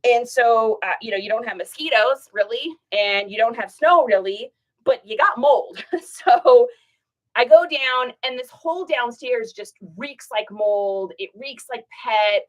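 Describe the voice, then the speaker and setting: A woman's voice: a little high, unhurried, dull audio. Chatty woman telling a story to viewers. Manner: chatty, animated, acts out quoted voices. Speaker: reseller livestream host. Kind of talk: casual storytelling to livestream viewers. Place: home.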